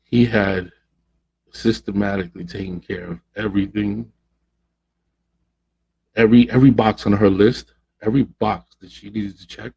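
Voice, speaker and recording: Man, low, dark and husky, casual slangy podcast storytelling, lo-fi mic. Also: normal speed, long pauses. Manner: animated, slangy, acts out quoted voices. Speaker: podcast host.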